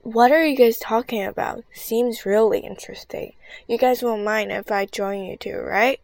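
Woman doing a pushy loud kid boy in a story, slow and rough-edged. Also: medium pitch, fairly even intonation, no echo, lightly acted. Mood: shouting. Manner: shouting, cheeky.

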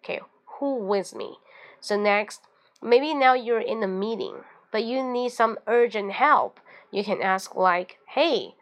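A woman's voice: a little high, slow. A woman with a Mandarin Chinese accent hosting an English lesson show, explaining everyday phrases and acting out little example lines. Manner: lively teaching with acted example phrases, mixing in Mandarin explanations. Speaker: host.

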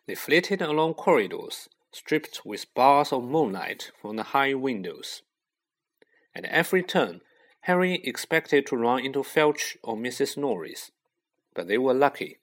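Slow, expressive male storyteller. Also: medium pitch. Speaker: audiobook reader. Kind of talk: storybook narration.

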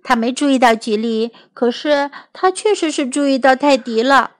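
Woman storyteller, children's story, high voice, clear and expressive, dry close sound. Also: no echo. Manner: clear, expressive, slow English then Chinese. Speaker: storyteller and English teacher. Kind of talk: bilingual children's story reading.

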